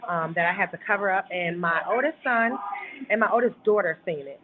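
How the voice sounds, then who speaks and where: A woman's voice: lowish voice, fairly quick. A woman giving an earnest, emphatic personal account as a guest in a talk interview, speaking over a phone call. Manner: earnest and emphatic, retelling events at length. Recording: tinny phone line with faint hiss.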